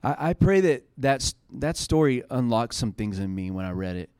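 A man's voice: mid-range voice, lively intonation, normal speed, darkish tone, clear, resonant tone, no room sound. Earnest man preaching, dry close sound. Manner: earnest, conversational preaching that builds to fervent. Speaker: pastor. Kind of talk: sermon.

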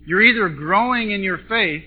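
A man preaching a sermon to a congregation, impassioned, swinging between loud and soft. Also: high-pitched, normal speed, husky. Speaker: pastor. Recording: tinny phone-like recording with faint music.

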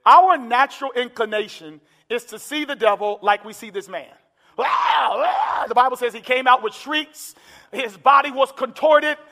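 A man preaching a sermon in a church, building to impassioned shouted climaxes. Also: very high voice, moderate pace. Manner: impassioned, shouting climaxes with call-and-response urgency. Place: large church hall with congregation. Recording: echoey church hall with crowd.

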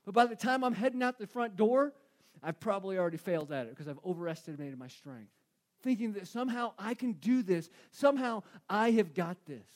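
A man's voice: high voice, lively intonation, brisk. A male pastor giving a conversational sermon, emphatic and repeating key phrases for weight.

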